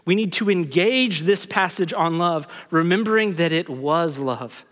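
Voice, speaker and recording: A man with a high voice preaches a sermon, earnest and conversational, with wry self-mocking asides. His voice rings out in a hall with a long reverb tail. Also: lively intonation, unhurried, a bit bright. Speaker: pastor.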